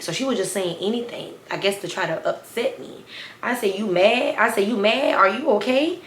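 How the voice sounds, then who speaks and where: A woman, telling a story in a sassy, animated way and talking straight to viewers. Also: medium pitch, normal speed, roomy sound, slight background noise. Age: 20s. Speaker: storytime vlogger. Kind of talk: casual storytime.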